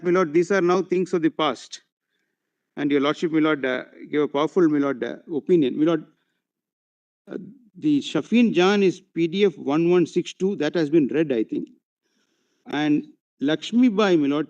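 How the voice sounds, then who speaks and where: Indian male advocate, high pitch, deferential courtroom argument, muffled courtroom audio. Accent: Indian English. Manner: deferential, peppered with "my lord" and halting fillers. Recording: dull lo-fi courtroom audio feed.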